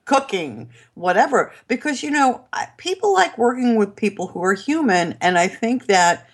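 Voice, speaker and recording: A woman's voice: fairly high pitch, sing-song, normal speed, breathy edge. A woman with a New York accent, a guest on a podcast, talking in a chatty, rambling way with many fillers and restarts and laughing as she goes. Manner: enthusiastic, laughs while talking. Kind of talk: casual interview chat.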